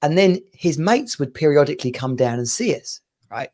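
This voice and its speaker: A man's voice: on the high side, big pitch swings, normal speed, darkish tone. A man from the UK in his thirties, hosting a casual podcast chat and rambling through stories between laughs. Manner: rambling, chatty storyteller who laughs often. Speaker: podcast host.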